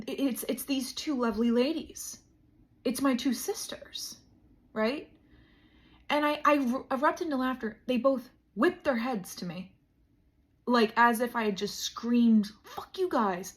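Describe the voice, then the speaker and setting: Young female vlogger, high-pitched, slow, theatrical comic delivery. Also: fairly bright tone. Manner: dramatic comic storytelling with mock-grand emphasis. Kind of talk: casual storytelling chat.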